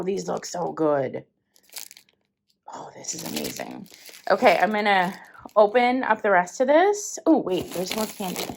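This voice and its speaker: A young woman, chatting casually as she opens packages, gushing with excited exclamations. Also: fairly low pitch, vocal fry, a little hiss or hum. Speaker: vlogger. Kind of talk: casual unboxing chat.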